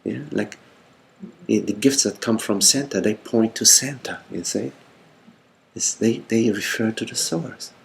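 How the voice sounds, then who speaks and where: An older man, a spiritual teacher, speaking gently in a meditative question-and-answer talk, with halting, repetitive phrasing and frequent "you see.". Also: lowish voice, gravelly.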